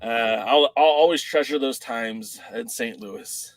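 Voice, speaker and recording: A man co-hosting a wrestling chat podcast, his pitch sitting in a middle range. He tells stories with a lot of energy and acts out the voices of the people in them. The sound is dry, with no room around it. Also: measured pace, no echo, poor audio. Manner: animated storyteller, acts out quoted voices. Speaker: podcast co-host.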